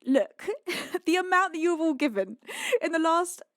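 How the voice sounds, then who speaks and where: A woman's voice: extremely high pitch, expressive, moderate pace, fairly bright tone, no room sound, clean studio sound. A British woman who hosts a music livestream, chatting to her viewers between songs and gushing her thanks with frequent laughs. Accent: British English. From United Kingdom. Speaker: streaming singer-songwriter host.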